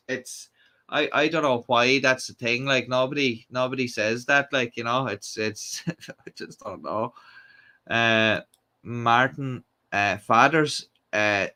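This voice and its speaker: Medium in pitch and sharp in tone, this young Irish streamer chats casually with his audience and reads their comments aloud. He rambles, with plenty of fillers and false starts.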